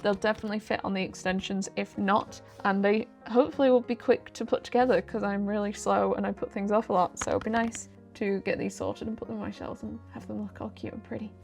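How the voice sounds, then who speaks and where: A chatty young woman talks through a haul in a loose, rambling way, often laughing at herself. Her voice sits at a middle pitch, with faint music playing behind her. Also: fairly even intonation, quick pace, creaky, few pauses, darkish tone. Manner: chatty, self-deprecating, rambling asides. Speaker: vlogger. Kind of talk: casual haul vlog.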